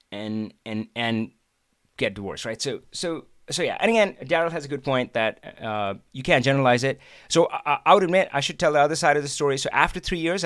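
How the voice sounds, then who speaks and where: A man hosting a casual live stream, talking in a loose, chatty way full of restarts and asides. His voice sits at a mid pitch, and the close, dry mic gives almost no room sound. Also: no echo. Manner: chatty, animated, frequent restarts and laughs.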